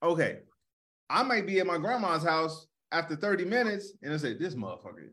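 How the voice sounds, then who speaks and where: Man, comedian podcast co-host, casual chat, animated, repeats words at starts, fairly high voice. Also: normal speed.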